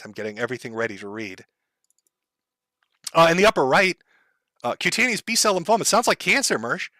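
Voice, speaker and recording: A middle-aged man rants on a live stream, heavy with sarcasm and mocking taunts. His voice sits a bit high for a man and comes across bright and forceful, recorded dry and close. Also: dry recording. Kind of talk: sarcastic livestream rant.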